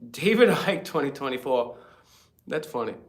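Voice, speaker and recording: A man's voice: medium pitch, animated, normal speed, reverberant. A man hosting a casual livestream chat, rambling and reading viewer comments aloud. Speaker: livestream host.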